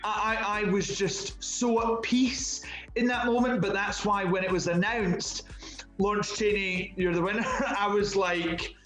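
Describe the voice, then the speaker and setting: High-voiced Scottish man, chatty. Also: roomy sound, faint music behind, low-quality recording. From Scotland. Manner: animated and chatty, with quick restarts and repeated words. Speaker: interview guest, drag performer. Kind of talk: casual interview chat.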